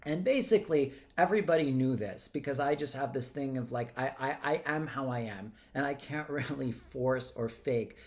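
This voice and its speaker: A man's voice: medium pitch, normal speed, few pauses. A man in his thirties, a life coach talking to camera in a blunt, emphatic way and swearing freely. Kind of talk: casual monologue to camera.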